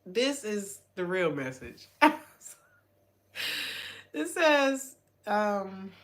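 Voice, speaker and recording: A woman's voice: medium pitch, very animated, a little slow, sharp tone. A woman giving a casual tarot reading, blunt and loose-tongued, swearing freely and laughing often. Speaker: tarot reader.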